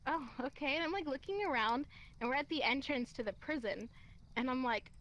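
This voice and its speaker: Young girl, high voice, telling a story, doing all the voices, swears a lot. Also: a little fast, dull audio. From Kentucky, USA. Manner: animated, acts out quoted lines, laughs often, swears. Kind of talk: casual storytelling.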